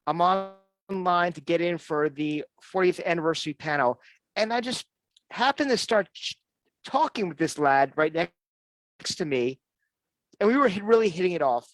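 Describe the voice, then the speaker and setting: A man's voice: high-pitched, lively intonation, moderate pace, a bit bright, dry recording. Enthusiastic rambling male fan-show host. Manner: rambling, enthusiastic, with frequent restarts. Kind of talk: casual online show chat.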